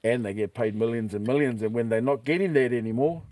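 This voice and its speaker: Middle-aged New Zealand man, mellow and animated, spinning yarns on a podcast. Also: mid-range voice, quick pace, dry recording. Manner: animated, acts out quoted voices, laughs while telling. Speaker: podcast guest. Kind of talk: casual storytelling.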